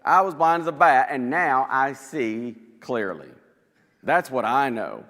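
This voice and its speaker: Preacher doing a bold formerly blind man, loud, raised and exasperated, with a lively pitch and long church reverb. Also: measured pace. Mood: defiant.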